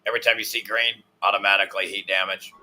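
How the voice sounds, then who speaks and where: A man's voice: lowish voice, level tone, very fast, sharp tone, soft background music. A man co-hosting a casual chat, crude and mocking, with a lot of swearing.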